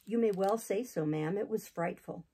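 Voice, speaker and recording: A chatty old innkeeper rambles through a grim tale, solemn yet eager to tell it all, with a woman reading him aloud. The voice is warm and low-toned, with a gravelly, husky grain. It comes from a classic novel audiobook. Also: moderate pace, rough recording. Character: gossipy older male innkeeper, talkative and solemn.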